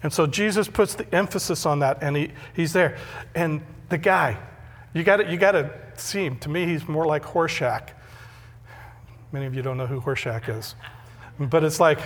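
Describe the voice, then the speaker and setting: Middle-aged male pastor, conversational sermon delivery, slightly high voice, reverberant hall. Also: normal speed. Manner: conversational, repeats words when emphatic.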